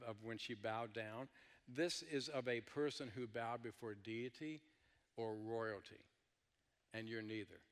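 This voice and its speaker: A man's voice: medium pitch, a bit bright, in a large hall. A male pastor preaching a sermon, dropping joking asides to the congregation.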